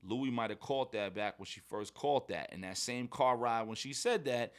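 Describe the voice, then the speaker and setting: A man's voice: mid-range voice, normal speed, smooth. A man, a rapper guest in a casual interview, telling stories and acting out quoted lines. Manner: animated storyteller, acts out quotes.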